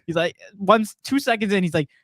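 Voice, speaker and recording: A man's voice: high voice, lively intonation, a little fast, a bit bright, dry recording. A young man co-hosting a casual sports podcast, laughing a lot and reading viewer comments aloud. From Portuguese family. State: frog in his throat. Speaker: podcast co-host.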